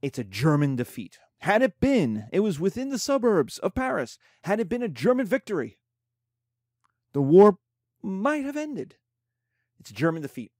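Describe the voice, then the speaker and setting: A man's voice: high voice, wildly swooping pitch, moderate pace, darkish tone, no room sound, studio quality. A man giving a casual history lecture as a teacher, talking colloquially and acting out the nations in quoted voices.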